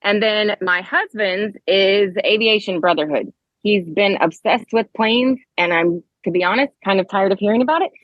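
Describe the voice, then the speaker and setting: A woman's voice: mid-range voice, normal speed, no echo. A middle-aged woman from Texas with a Texas accent, calling in to a podcast from outside at her job and chatting in a friendly, giggly way. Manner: friendly and giggly, talks in loose restarts. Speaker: caller. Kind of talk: casual call-in chat. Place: outdoor alley at her workplace. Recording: dull, lo-fi call line.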